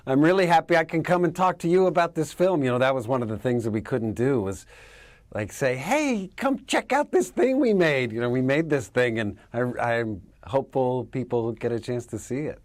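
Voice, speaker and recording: A man, an actor, answering interview questions in an animated way, laughing often and dropping into character voices. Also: medium pitch, moderate pace, no echo.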